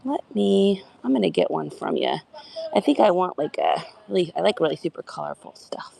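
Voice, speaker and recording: Gravelly chatty woman, half-whispering. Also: lowish voice, sing-song, brisk, warm tone. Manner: chatty, often drops to an unvoiced whisper. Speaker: livestream host. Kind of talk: casual garage sale live stream. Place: outdoor garage sales.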